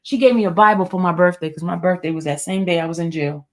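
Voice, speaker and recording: A woman's voice: fairly low pitch, fast talker. Chatty woman telling a long story. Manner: rambling, chatty, lots of fillers and restarts, addresses viewers as y'all. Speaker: YouTube host. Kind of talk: casual storytelling to viewers.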